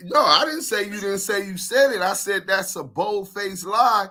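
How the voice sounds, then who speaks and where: Man, podcast co-host, blunt, confrontational, street slang, high bright voice. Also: normal speed, slight background noise. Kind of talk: casual podcast chat.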